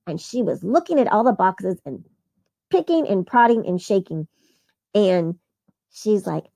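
Woman storyteller, christmas tale, earnest, lively swinging pitch, slightly gravelly. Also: measured pace, long pauses. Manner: earnest, animated, with small laughs. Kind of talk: first-person Christmas story narration.

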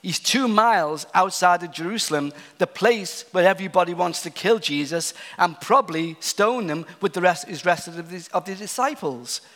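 A man's voice: high voice, lively intonation, moderate pace, hardly any pauses. Earnest male preacher in an echoing hall. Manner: earnest, swinging from emphatic to hushed. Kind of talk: sermon. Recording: long reverb of a large hall.

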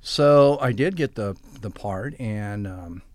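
A man's voice: on the low side, expressive, slow, a little mellow, no room sound. An older man telling long stories in an interview and acting out quoted dialogue as he goes. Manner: rambling anecdotes with quoted dialogue. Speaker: guest. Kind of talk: storytelling interview.

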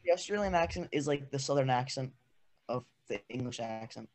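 A man's voice: medium pitch, lively intonation, a little fast, crowd noise. Hesitant teenage boy in casual chat. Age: teens. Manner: hesitant, lots of fillers, explains with comparisons. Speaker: student podcast co-host.

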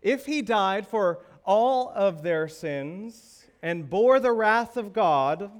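A man's voice: sits high, lively intonation, slow pace, hardly any pauses. A male pastor preaching a sermon, asking the congregation rhetorical questions with emphasis.

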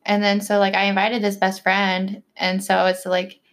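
A woman's voice: mid-range voice, monotone, moderate pace. A young woman in casual conversation, telling a personal story in a chatty way, full of "like" fillers and acted-out quotes. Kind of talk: casual chat.

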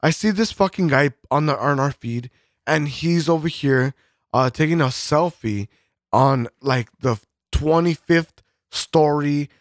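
A man in loose podcast banter, cursing nearly every sentence and stumbling through restarts. His voice sits fairly high, and the recording is dry and close. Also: a little slow, no room sound. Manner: profane, rambling, full of fillers and restarts. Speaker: podcast co-host. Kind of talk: casual podcast chat.

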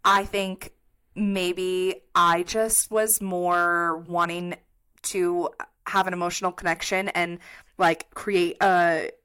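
A woman's voice: lowish voice, flat delivery, slow pace, fairly bright tone, smooth. Reflective young woman podcast co-host. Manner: supportive, reflective, many "mm-hmm"s. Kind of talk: casual chat.

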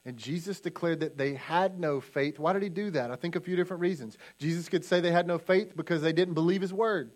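A male pastor delivering a sermon from a church stage. His voice sits fairly high, and he preaches with emphasis, repeating key lines so they land. He brings the scripture to life by acting out the quotes. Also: a little fast, hardly any pauses.

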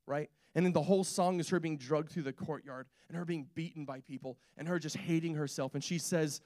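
A man preaching a sermon in a church, pressing his points with repeated rhetorical questions and building to shouts. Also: fairly high pitch, steady tone, fairly quick, no echo. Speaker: pastor.

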